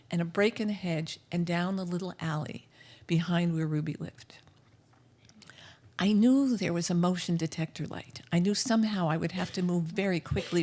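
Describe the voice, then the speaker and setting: A woman telling a personal story live at a café, in a vivid, well-paced first-person manner. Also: fairly low pitch. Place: café stage.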